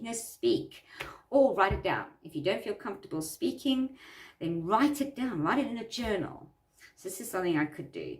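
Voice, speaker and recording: A woman's voice: medium pitch, expressive, brisk, reverberant, far from the mic. A woman coaching listeners through a self-help worksheet in an earnest way, repeating phrases for emphasis.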